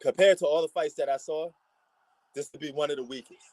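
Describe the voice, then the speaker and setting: A man's voice: on the high side, fairly even intonation, brisk, darkish tone, no echo. A man from New York with a New York accent, giving slangy, laid-back live commentary on a boxing match as a stream host. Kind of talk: casual live fight commentary.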